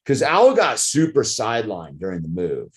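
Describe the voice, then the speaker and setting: A man's voice: fairly low pitch, huge pitch swings, moderate pace. A middle-aged man, rambling casually to camera, full of "dude" and "like". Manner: rambling, says "dude" and "like" a lot. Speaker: vlogger.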